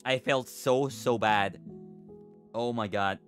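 A man's voice: mid-range voice, slow pace, a bit bright, faint music behind. A young man streaming, chatting casually with viewers, thanking them, giggling and swearing now and then.

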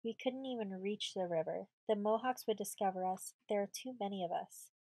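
A woman's voice: medium pitch, brisk, warm tone, no room sound, natural voice, poor audio. A woman voicing a brave teenage girl in command of a fort, speaking firmly and earnestly. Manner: firm, earnest.

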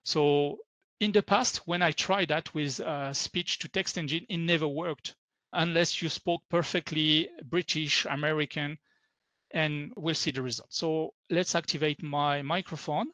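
A man's voice: a little high, steady tone, unhurried, fairly bright tone, no echo. Upbeat French-accented man presenting. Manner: upbeat, keeps saying super and so. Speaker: workshop presenter. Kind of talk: conference tech talk.

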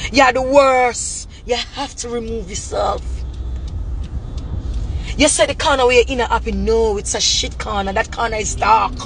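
High-pitched Jamaican woman, angry profane rant, repetitive, shouting bursts, faint traffic hum behind. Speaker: vlogger.

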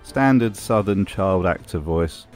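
A man's voice: low-pitched, lively intonation, measured pace, darkish tone, faint music behind. A man narrating a scripted commentary with dry, sarcastic humor. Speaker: video essay host.

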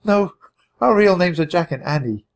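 A man voicing a brave, cheerful young girl in an audiobook reading, speaking quickly and earnestly. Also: high-pitched, animated, vocal fry, pitched above the performer's own voice. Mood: eager.

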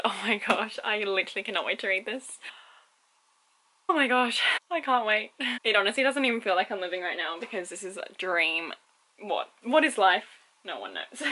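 A young woman chats about her books in a bright, clear voice. She gushes and laughs as she talks, and she cannot contain her excitement. It sounds like a casual vlog recorded at home. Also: medium pitch, poor audio. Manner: gushing, excitable, laughs often. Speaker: book vlogger.

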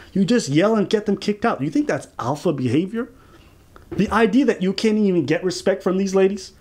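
A man co-hosting a commentary show, talking casually in a mocking, animated and profane way. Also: high voice. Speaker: commentary channel co-host.

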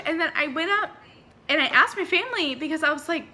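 A young woman vlogger tells a paranormal storytime in a casual, rambling way, with lots of fillers. Her voice sits high and sounds bright and forward. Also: expressive, normal speed. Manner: rambling, chatty, heavy on fillers.

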